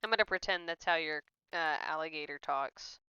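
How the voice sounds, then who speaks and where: Gamer lady talking through her playthrough, smooth clear voice, dull dry mic. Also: low-pitched, moderate pace, pushed and bright, no echo. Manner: chatty, giggly, reads instructions aloud. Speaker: game streamer. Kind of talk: let's play commentary.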